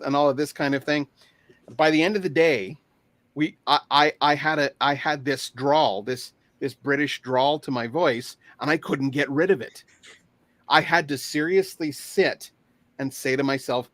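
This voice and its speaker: A man chatting casually as a guest, talking haltingly with many fillers and restarts over a video call. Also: mid-range voice, steady tone, no echo. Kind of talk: casual chat.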